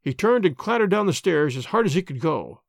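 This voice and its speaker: Expressive male storyteller, lively pitch. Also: fairly quick, vocal fry, no echo, clean studio sound. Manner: expressive, dramatic. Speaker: narrator. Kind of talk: classic story reading.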